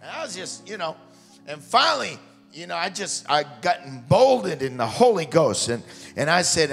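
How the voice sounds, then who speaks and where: A male missionary preacher telling a testimony in a sermon, rambling at first and building to fervent shouted preaching. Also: on the high side, big pitch swings, normal speed, vocal fry. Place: church sanctuary. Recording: long hall reverb with faint music.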